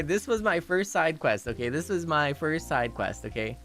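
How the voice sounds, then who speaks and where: Rambling young man with lively pitch. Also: normal speed, few pauses. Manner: rambling, full of "you know" and restarts; laughs often while telling. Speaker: streamer. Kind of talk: casual storytelling chat.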